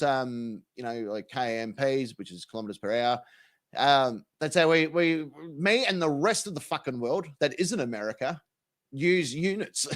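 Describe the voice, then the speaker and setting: Lively sweary Australian man. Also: on the high side. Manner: swearing, slangy, jokey explaining. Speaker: reaction channel host. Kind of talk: casual reaction commentary.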